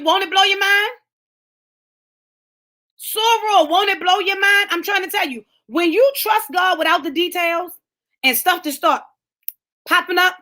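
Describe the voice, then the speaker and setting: Middle-aged woman, fervent motivational preacher, high bright voice, casual phrasing. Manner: fervent preaching, talks straight to listeners by name; colloquial, rising to shouts. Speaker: speaker of a lunchtime empowerment talk. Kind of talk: sermon-style motivational talk.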